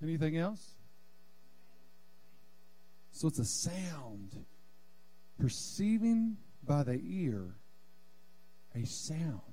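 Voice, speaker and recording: A man's voice: fairly high pitch, dark tone, slightly rough. A male pastor preaching a sermon in a church sanctuary, fervent and calling on the congregation to answer back.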